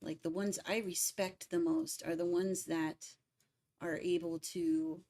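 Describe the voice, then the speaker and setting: A woman's voice: on the low side, fairly even intonation, unhurried, mellow. A young adult woman chatting casually and emphatically on a music livestream. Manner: opinionated, emphatic about word stress. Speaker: music cover artist streaming.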